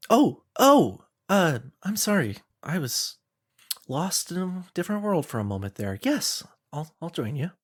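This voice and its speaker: A woman's voice: lowish voice, big pitch swings, unhurried, pitched above the performer's own voice. Man putting on a frail, stammering old woman. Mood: feeble, apologetic. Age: 60s. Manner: hesitant, stammering, motherly. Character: frail gray-haired old woman, fussy and kindly.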